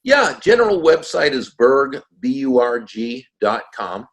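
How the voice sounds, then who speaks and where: A man in his sixties, a guest author in a casual interview, relaxed and trailing off softly at the ends of phrases. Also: mid-range voice, measured pace. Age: 60s.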